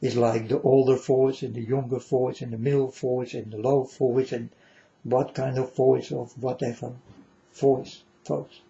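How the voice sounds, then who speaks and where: Slow, earnest preaching man. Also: mid-range voice, flat delivery, creaky, mellow. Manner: earnest, repetitive, addresses listeners as folks. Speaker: vlogger. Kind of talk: preachy monologue. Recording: dull lo-fi recording.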